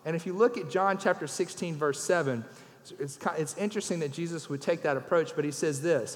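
A man from Louisiana with a fairly high voice, speaking a little fast, preaches a folksy sermon as a guest speaker in a church sanctuary. He tells jokes like a folksy storyteller and raises his voice for the punchlines. A long church-hall reverb fills the recording.

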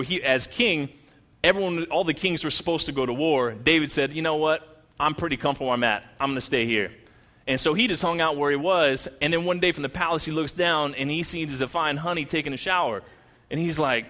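A man preaching a sermon, retelling a scripture story in animated, conversational language and acting out the quoted lines. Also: a little high, dull audio. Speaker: pastor.

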